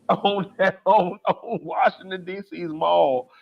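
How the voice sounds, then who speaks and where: A man's voice: high-pitched, steady tone, slow, vocal fry, muffled recording. A man co-hosting a podcast, going off on a comedic, profane, exasperated rant in casual talk. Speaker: podcast co-host.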